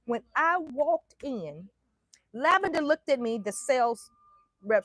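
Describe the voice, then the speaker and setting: Woman motivational speaker, faith testimony, emphatic and direct, slightly high voice, dry recording. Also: animated, takes it slowly, a bit bright, no echo. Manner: emphatic, bold, talks straight to listeners.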